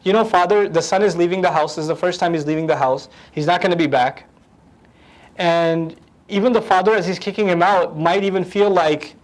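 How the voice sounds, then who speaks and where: Animated higher-voiced male Quran teacher. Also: fairly quick, rough recording. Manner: animated, humorous, acts out quotes. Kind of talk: lecture on Quranic language.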